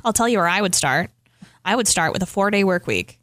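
A woman's voice: medium pitch, lively intonation, brisk, fairly bright tone. A woman co-hosting a casual chat, talking emphatically and swearing casually. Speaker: co-host.

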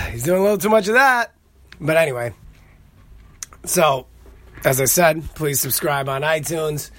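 A man's voice: fairly high pitch, measured pace, pauses often, no room sound. A man hosting a podcast, talking casually and profanely, getting heated as he tells a story. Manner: profane, animated storytelling, heated when retelling. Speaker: podcast host. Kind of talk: casual solo podcast rant.

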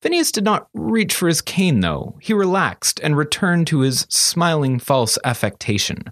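A man narrating a fantasy story as an audiobook, steady and expressive. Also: a little high, measured pace, no room sound, studio quality.

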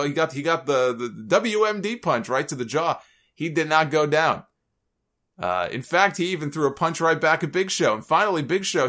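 A man's voice: medium pitch, fairly bright tone. A man hosting a podcast, telling a story in a casual, chatty way with joking asides. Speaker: podcast host.

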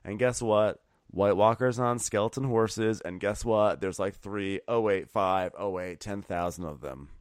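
A man with a fairly low voice chats casually and wryly about a TV episode. His voice is close and completely dry, with no room echo. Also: measured pace, hardly any pauses, smooth. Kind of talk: casual TV recap chat.

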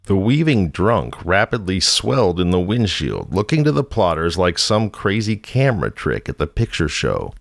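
A man with a deep, gravelly voice tells a scripted true-crime tale, and his pitch rises and falls widely as he builds the drama. His wry, theatrical delivery sounds close and dry, with no room around it. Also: no room sound. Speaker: podcast narrator.

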